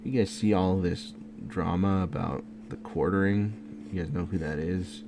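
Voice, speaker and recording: Sleepy and yawning, this man draws late at night at home and talks half to himself, relaxed and rambling, for his video. He has a deep, creaky voice and an unhurried delivery, with noticeable noise in the background.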